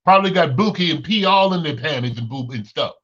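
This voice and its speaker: Bright-voiced preachy Chicago man. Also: a little high, lively intonation, quick pace. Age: 30s. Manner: preachy, repeats himself for emphasis. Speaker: host. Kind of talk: casual opinion monologue. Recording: lo-fi muffled recording.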